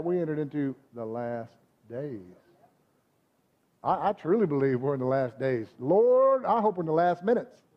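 A male pastor whose voice sits high for a man preaches in a relaxed, conversational way, often asking the congregation "amen?" to check in. The recording sounds somewhat dull and muffled.

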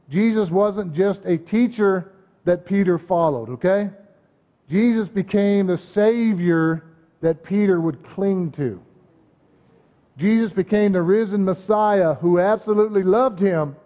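A high-pitched man preaches with emphatic, call-and-response energy, checking in with his listeners again and again. His voice rings with the long reverb of a large hall. The sound is dull and muffled. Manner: emphatic, calls out "Amen?" and "right?" to the congregation. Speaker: pastor. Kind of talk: sermon.

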